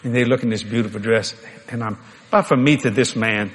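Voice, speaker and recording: A man's voice: medium pitch, brisk. An older man, telling a folksy, joking story in a sermon. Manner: folksy, animated, joking with the crowd. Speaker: preacher.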